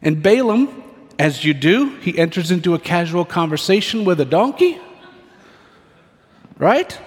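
A man preaching a sermon, retelling a scripture story with animated, playful asides. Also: high-pitched, a little slow, pauses often. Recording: echoey hall reverb.

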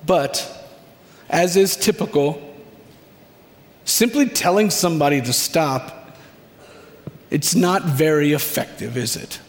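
A man preaching, leading listeners through a scripture scene in the second person, with a reflective manner and dramatic pauses. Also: on the high side. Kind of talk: guided scripture meditation. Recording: long hall reverb.

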